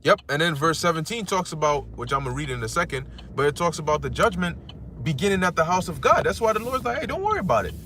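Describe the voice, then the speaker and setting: Animated slangy preacher man. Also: fast talker, slight background noise. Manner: animated, slangy, acts out insults in a squeaky mocking voice. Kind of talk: casual street sermon.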